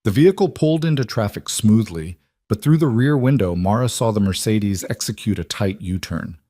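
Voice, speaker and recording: A man narrating a scripted story in a measured, dramatic way. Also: lowish voice, animated, warm tone, no room sound.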